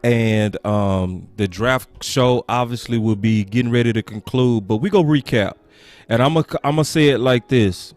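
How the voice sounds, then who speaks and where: A man's voice: mid-range voice, normal speed, a little mellow. Slangy, emphatic sports-show host man. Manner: slangy, emotional, emphatic repeating. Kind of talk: casual sports talk stream.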